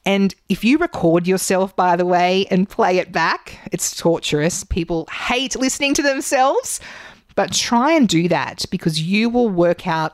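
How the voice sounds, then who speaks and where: A woman hosting a podcast, giving public speaking tips in an animated, gesturing way from a studio microphone. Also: medium pitch, unhurried, dry recording. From Australia. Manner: animated, gestures a lot while talking. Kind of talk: solo podcast teaching.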